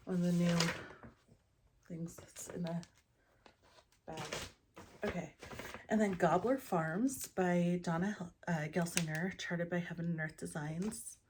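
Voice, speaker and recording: A woman's voice: lowish voice, noisy background. A woman chatting casually about her stitching projects, rambling with many ums and often dropping into a whisper, in her morning voice. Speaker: cross-stitch vlogger. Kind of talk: casual show-and-tell chat.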